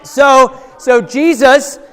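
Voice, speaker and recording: A male pastor telling a Bible story to children in a playful, animated way, asking the kids questions and acting out voices. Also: very high-pitched, very slow, a crowd in the background, noisy background. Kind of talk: lively children's sermon with audience participation. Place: large church hall. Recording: long church hall reverb.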